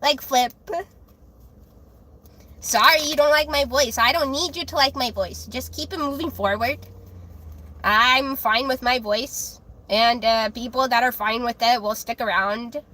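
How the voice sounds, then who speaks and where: A woman's voice: fairly high pitch, a little slow, sharp tone. A woman tarot reader chatting casually on her live stream. She talks bluntly and defensively, with lots of fillers and restarts.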